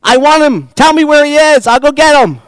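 A man preacher voicing a desperate, grieving woman who pleads loudly to find her lord. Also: very high voice, completely flat delivery, rapid-fire, creaky, no echo, voice pushed up. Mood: desperate pleading. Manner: pleading, loud and insistent.

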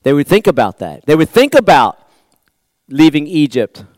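A man's voice: fairly high pitch, big pitch swings, moderate pace, darkish tone, no room sound. A man pastor preaching a sermon in a church, talking in a conversational, rambling way with restarts and repeated words.

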